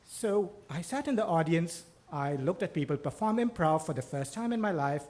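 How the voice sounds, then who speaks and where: A man recounting a personal story on a live stage, his voice pitched a little higher than most men's. He talks with a wry, self-mocking edge and drops casual profanity. He speaks into a stage microphone. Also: lively intonation, normal speed, a little mellow. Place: stage before a live audience in a bookstore.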